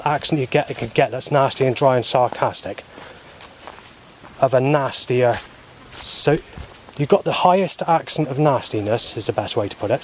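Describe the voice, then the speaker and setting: Man, vlogger, rambling hesitant monologue, mid pitch, faint background hiss. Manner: repetitive, hesitant, circling back on itself.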